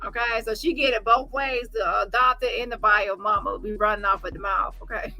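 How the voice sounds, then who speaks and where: A woman's voice: mid-range voice, bright, forceful tone, rough recording. A woman hosting a commentary channel, reacting to clips in an emphatic way and stretching out words to stress them.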